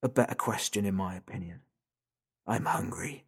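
A sinister, hungry entity on a toy phone, as a male reader puts it on, dropping low and quiet to taunt. Its voice comes thin and tinny over the line, and it drags out every threat with slow, smug calm. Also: creaky, slightly rough, exaggerated voice. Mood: menacing. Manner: taunting, soft and slow, drawing out the listener's name. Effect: tinny and thin through a phone.

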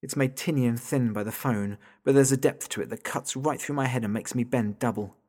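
A man's voice: fairly quick, darkish tone. Tense man narrating a thriller. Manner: tense and rising, pitch jumping up in panic on questions. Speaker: narrator, father of small children. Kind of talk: first-person audiobook narration.

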